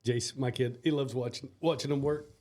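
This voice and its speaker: A podcast co-host with a dark, mellow voice, teasing his partner good-naturedly. He keeps an easy, relaxed conversational tone. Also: mid-range voice, brisk. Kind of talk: casual chat.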